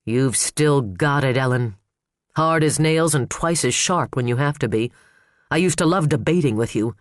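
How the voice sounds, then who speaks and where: A man's voice: mid-range voice, moderate pace, dry recording, studio quality, close to an everyday voice. Man playing a cool, menacing male lawyer. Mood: coolly menacing. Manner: smooth, controlled.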